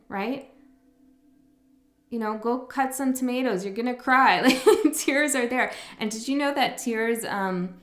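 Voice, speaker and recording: A woman giving a casual tarot reading, talking gently and rambling, correcting herself as she goes. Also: mid-range voice. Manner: gentle, rambling, self-correcting, soft laughs. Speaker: tarot reader. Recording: echoey room with faint music.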